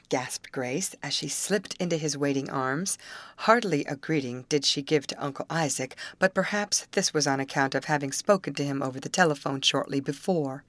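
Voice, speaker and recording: A woman reading a novel aloud as an audiobook narrator, in steady storytelling narration. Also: low voice, moderate pace, no room sound.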